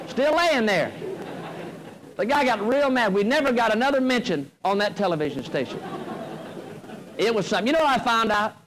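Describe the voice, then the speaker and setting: A middle-aged man with a drawl spins a comic tale from the stage, his voice pitched unusually high. He talks in a folksy, animated way and lands each punchline with easy timing. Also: background noise. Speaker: motivational speaker. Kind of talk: humorous storytelling speech. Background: audience laughter.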